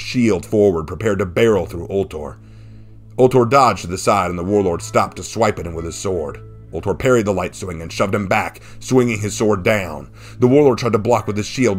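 A man narrating a fan-written action story in a steady, dramatic reading. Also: on the low side. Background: faint background music.

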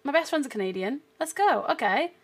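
A woman's voice: high-pitched, animated, a little fast, a little hiss or hum. A young woman game streamer chatting casually to her viewers, giggly, swearing a lot and repeating herself.

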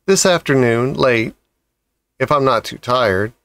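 A man's voice: mid-range voice, animated, a little slow, a bit bright, dry recording. A man voicing a polite, precise female spider who grows tired, in a storybook reading. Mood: weary.

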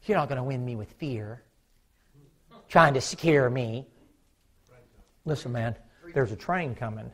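A man preaching a fiery sermon as pastor. He swings from shouting to mocking mutters. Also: mid-range voice, a little slow, long pauses. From United States. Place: church sanctuary.

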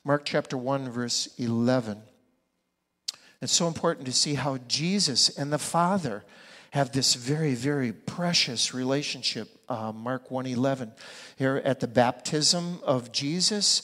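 A man's voice: medium pitch, unhurried, a bit bright. A man preaching a sermon as pastor, asking the congregation rhetorical questions and pressing his points with emphasis. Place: church sanctuary. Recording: long reverb of a church hall.

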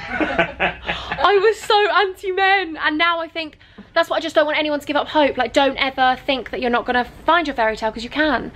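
A young woman with a high, bright voice rattles on at a quick clip. She gushes effusively, caught up in emotion as she vlogs inside a bridal shop, filmed on a handheld camera. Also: slight background noise. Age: 20s. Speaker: vlogger. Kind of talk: excited chatty vlog.

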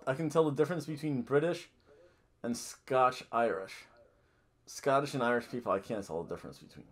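Podcast host, man, casual rambling recap, corrects himself often, mid-pitched. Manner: rambling, self-correcting, jokey asides.

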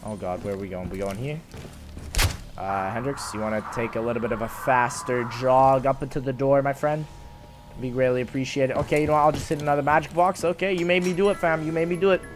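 A young man giving excitable live commentary over a video game, swearing and talking to the characters on screen. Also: mid-range voice, quick pace, over music. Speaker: gaming YouTuber. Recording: voice over loud game audio.

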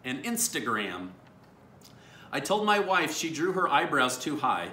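A man's voice: a little high, very animated, measured pace, sharp tone, reverberant, a little hiss or hum. A man hosting a family video, reading dad jokes aloud and laughing at his own punchlines. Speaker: YouTube host reading viewer dad jokes. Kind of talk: casual family vlog.

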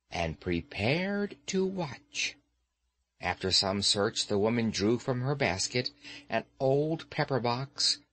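A male audiobook narrator who reads slowly and expressively. His pitch rises and falls with the story, and the dry, close sound leaves nothing around his voice. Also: a bit bright, no room sound. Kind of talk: scripted narration.

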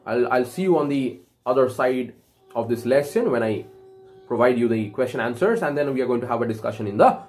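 A woman teacher telling a story to children in a recorded online lesson, pausing for recaps and questions. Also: very deep voice, lively intonation, darkish tone, faint music behind.

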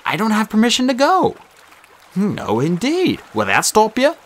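A man voicing a sly, smooth-talking male god in a put-on mixed British and Australian accent for an audiobook. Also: high-pitched, huge pitch swings, moderate pace, pitched above the performer's own voice. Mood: breezy. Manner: breezy, teasing. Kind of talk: audiobook reading.

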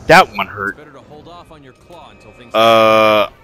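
A man giving excited, jokey commentary as he plays a video game, swearing, yelling and chanting through the fights. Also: lowish voice, very slow, clean tone, soft background music. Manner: loud, jokey, swears a lot, yells and chants during fights. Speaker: gaming streamer.

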